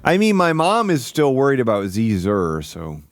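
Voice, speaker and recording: A man hosting a live stream, ranting with heavy swearing and swinging between loud outbursts and low mutters. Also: huge pitch swings, normal speed, no room sound, studio quality. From Michigan. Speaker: livestream host. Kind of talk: casual stream commentary.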